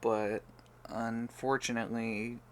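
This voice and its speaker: A man narrating an audiobook, voicing a steady, reassuring young male hero in a near-natural voice. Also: medium pitch, takes it slowly, slight background noise, natural voice.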